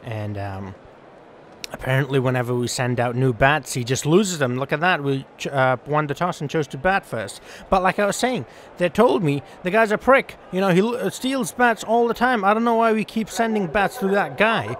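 A young man talks over his game in a rambling, offhand way, swearing casually as he goes. His voice sits a little high for a man, with a faint hiss of noise behind it. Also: normal speed, a bit bright. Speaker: gaming channel host. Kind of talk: casual gameplay commentary.

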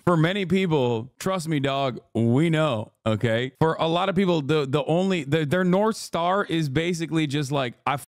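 A man's voice: a little high, animated, normal speed, few pauses, no room sound, studio quality. A man hosting a livestream in casual chat, ranting in a brash, mocking, profane way. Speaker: livestream host.

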